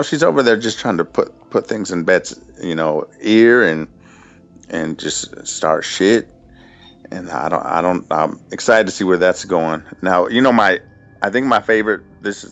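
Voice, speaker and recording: A man's voice: low-pitched, a little slow, a bit bright. A man co-hosting a podcast, talking in a laid-back way about a TV show and often trailing off with "you know". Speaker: podcast co-host. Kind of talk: casual TV recap chat. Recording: muffled lo-fi audio with faint music.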